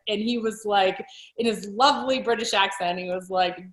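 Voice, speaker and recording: A woman's voice: mid-range voice, moderate pace. A woman cycling coach and author talking casually in an interview, chatty, with frequent laughs, fillers and restarts. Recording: roomy echo.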